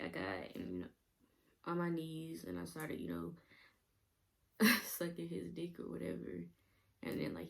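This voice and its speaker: A woman's voice: low-pitched, vocal fry. A young woman vlogger rambling through a casual storytime, laughing often and using many fillers.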